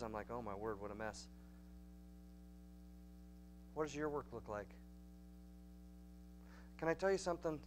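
A man with a Texan accent preaching a Bible study in a church, folksy and emphatic, building to loud, urgent peaks. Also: medium pitch, slight background noise. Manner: folksy, emphatic, rising to near-shouting peaks. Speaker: pastor. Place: church sanctuary.

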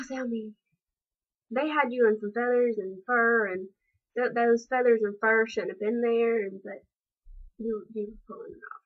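A woman's voice: a little high, measured pace. A young woman chatting casually as she reacts to a music video, gushing and giggly, breaking into squeals now and then. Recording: dull lo-fi webcam sound.

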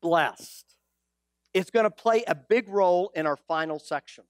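A male pastor preaching a sermon, animated and teasing, full of rhetorical questions. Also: high-pitched, a little slow, no room sound, studio quality.

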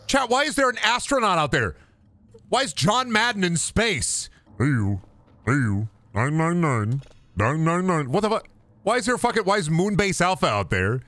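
A man streaming a video game, cursing and trash-talking loudly, then dropping to low mutters. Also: no echo. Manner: profane, rowdy trash talk to the game; jumps between loud yelling and low mutters. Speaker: gaming streamer. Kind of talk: live gaming stream commentary.

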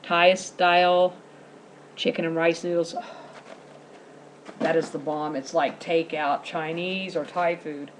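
Woman, fairly low voice, rambling casual chat, faint hiss behind. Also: steady tone, takes it slowly, pauses often. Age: 40s. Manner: chatty, rambling, giggly. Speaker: vlogger showing a grocery haul.

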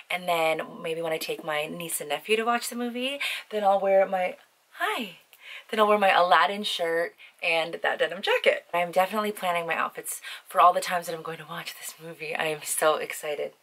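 Recorded on a camera mic with poor audio, this casual at-home lipstick review features a young female beauty vlogger. Her pitch is fairly low and her tone fairly bright, and she gushes in a bubbly way, dropping "like" constantly.

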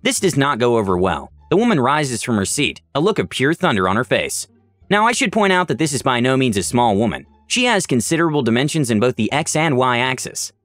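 Man narrating stories with lively pitch. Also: brisk, no echo, soft background music. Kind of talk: reading online stories aloud.

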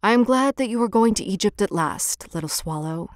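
A woman voicing a loving golden statue prince in a storybook, speaking gently and tenderly. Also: sits high, lively intonation, fairly quick, dry recording, clean studio sound.

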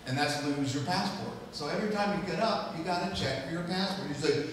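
A middle-aged male guest preacher tells a funny story at his own expense, his voice sitting a bit high for a man. He sounds far from the microphone, and the long reverb of a large sanctuary trails after each phrase. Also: a little fast, a little hiss or hum. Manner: humorous, self-mocking storytelling. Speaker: guest speaker. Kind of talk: sermon storytelling. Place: church sanctuary. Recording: echoey hall, distant mic.

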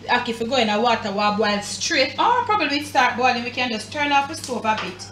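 A fast-talking, animated woman with a Jamaican accent and a fairly bright, higher voice hosts a casual cooking show from her home kitchen, emphatically chatting through a recipe. The audio is roomy and distant, with slight hiss or hum.

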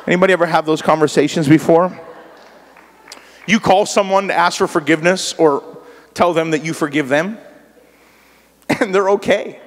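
In a church sanctuary with long reverb, a male pastor preaches in a high voice at a moderate pace with long pauses. Animated and conversational, he talks straight to the congregation, rising to near shouts and dropping to quiet asides.

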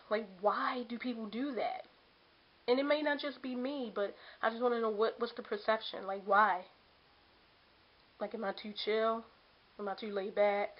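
Exasperated woman venting to her camera. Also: fairly high pitch. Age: late 20s. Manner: exasperated, repeats herself, mimics others' nagging. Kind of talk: ranting vlog to camera. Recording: dull lo-fi camera audio.

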